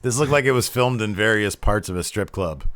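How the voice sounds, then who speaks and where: Talking briskly in a lowish, fairly bright voice, a man co-hosts a podcast about wrestling. The casual review chat has him laughing easily and slipping into asides, and the recording is dry.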